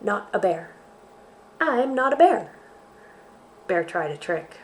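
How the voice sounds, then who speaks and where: Female storytime host, mid-pitched, unhurried, expressive picture-book reader for young children. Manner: slow, sing-song and expressive, addressing young children.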